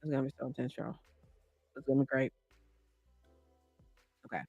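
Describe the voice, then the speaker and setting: A woman's voice: extremely low pitch, steady tone, moderate pace, a little mellow, no echo, highs cut off, faint music behind. A woman chatting on a livestream, rambling and gushing with lots of "like" and "right?". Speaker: streamer. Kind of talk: casual livestream chat.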